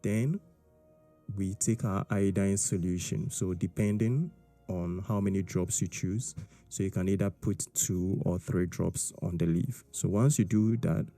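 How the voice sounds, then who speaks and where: A man's voice: low voice, a little slow, mellow, soft background music. A man explaining a science lesson step by step, checking in often with "all right?" and "okay?". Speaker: science teacher.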